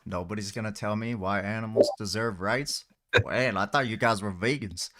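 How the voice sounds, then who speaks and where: A man's voice: fairly low pitch, normal speed, background noise, natural voice. A man voicing a brash, mocking anti-vegan character in a joking role-play on a voice call. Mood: goading. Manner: mocking, exaggerated drawl.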